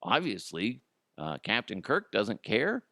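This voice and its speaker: Animated, profane man ranting on his podcast. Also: on the low side, takes it slowly, dry recording, clean studio sound. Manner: profane, laughs at own jokes, animated. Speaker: podcast host. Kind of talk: solo comedic podcast rant.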